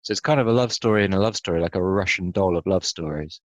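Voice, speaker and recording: A man co-hosting a casual film podcast, wry and quick to laugh, who drifts into tangents. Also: sits low, no echo, highs cut off. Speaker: podcast co-host.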